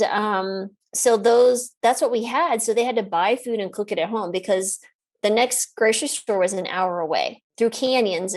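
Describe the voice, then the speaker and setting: A middle-aged woman physician, a guest on an interview, telling a story in a lively, casual way. She laughs often and acts out the lines of the people in the story. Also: mid-range voice.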